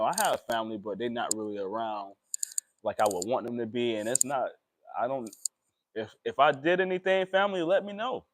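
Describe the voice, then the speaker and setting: A young man, talking emotionally and haltingly in a personal vlog, with many pauses and fillers. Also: mid-range voice, slight background noise. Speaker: vlogger.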